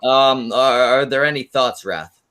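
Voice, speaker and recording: A man co-hosting a comedy stream, his voice bright and forward. He teases the host in a mock-formal tone and reads chat comments aloud. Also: medium pitch, measured pace, clean tone, soft background music. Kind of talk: improvised comedy banter.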